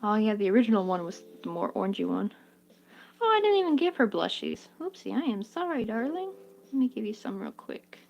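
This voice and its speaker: A crochet vlogger with a medium-pitched, lively voice chats briskly and giggles as she works, talking both to her crochet and to her chat. The recording's high frequencies are cut off.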